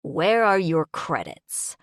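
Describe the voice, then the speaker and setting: A woman voicing a menacing male bird-like alien soldier in an audiobook, speaking in slow, clipped demands. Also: on the low side, sing-song, no echo, studio quality.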